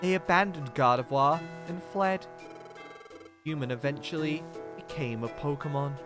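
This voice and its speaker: A man voicing an ancient, solemn fox spirit who lays curses, speaking in a grave, formal, measured way. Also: on the high side, music in the background, natural voice.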